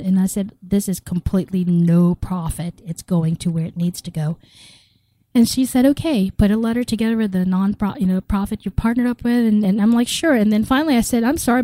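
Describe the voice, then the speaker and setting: A woman's voice: mid-range voice, mellow, poor audio. A middle-aged woman from the Philippines telling her own story in an interview, acting out the quoted dialogue and laughing often. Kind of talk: personal storytelling.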